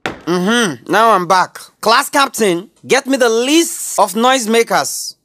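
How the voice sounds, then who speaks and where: Brief: woman acting a fierce scolding Nigerian teacher, high and slow, faint background hiss. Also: animated. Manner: scolding, shouty. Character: strict shouting female schoolteacher. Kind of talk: comedy skit acting.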